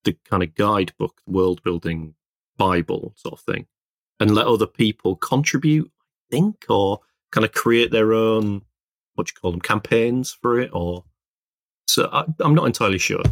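Low gravelly man, rambling casual chat. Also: expressive, moderate pace, dry recording, studio quality. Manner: rambling, self-interrupting storyteller. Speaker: podcast co-host, illustrator.

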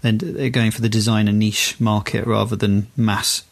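A man's voice: lowish voice, flat delivery, moderate pace, vocal fry. A man co-hosting a podcast, chatting casually and rambling with lots of restarts and fillers. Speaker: podcast co-host. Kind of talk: casual chat.

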